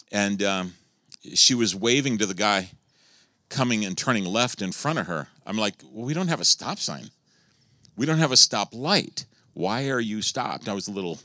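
Male pastor, deep voice, lively swings between loud and soft, sermon storytelling. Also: no echo, clean studio sound.

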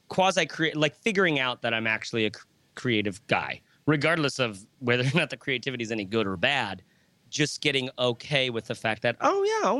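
A man's voice: mid-range voice, pushed and bright, no echo. Rambling, joking man in his thirties. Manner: rambling, joking, self-interrupting. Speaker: podcast guest. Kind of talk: casual conversation.

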